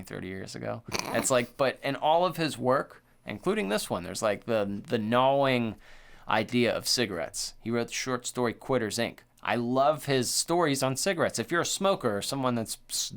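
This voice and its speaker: A man co-hosting a horror podcast, talking in a loose, profane, excitable way and filling his speech with "like" and "dude.". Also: medium pitch, normal speed, creaky. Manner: animated, profane, full of "like" and "dude". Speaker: podcast co-host. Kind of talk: casual chat.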